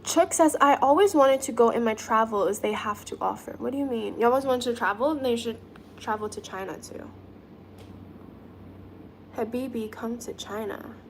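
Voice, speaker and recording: A chatty woman with a fairly high voice hosts a relaxed live stream. She giggles and thinks out loud while doing her nails, with a faint hum of room noise behind her. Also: brisk, vocal fry. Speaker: livestream host reading chat. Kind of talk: casual live-stream chat.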